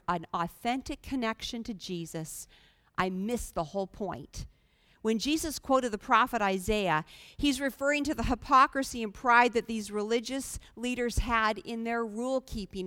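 A woman's voice: fairly high pitch, fairly bright tone, clean tone, no echo, studio quality. A woman preaching a sermon, earnest and pleading, talking plainly to the congregation with sudden emphatic rises. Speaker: guest preacher.

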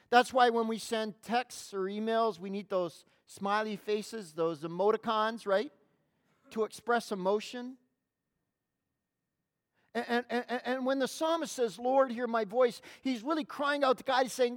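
A woman preaching a sermon to a congregation, emphatic, stretching key words and often restarting her phrases. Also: a little high. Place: in front of a congregation.

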